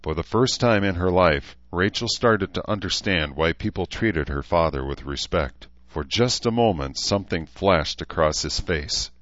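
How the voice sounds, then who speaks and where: A man giving steady, measured scripted audiobook narration. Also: low-pitched, no echo. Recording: slightly dull recording.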